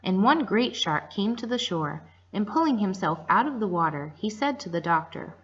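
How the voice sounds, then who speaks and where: A woman reading a children's story aloud to listeners in a gentle storytelling manner, in a dull lo-fi recording. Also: mid-range voice, very animated, normal speed, few pauses, slightly rough.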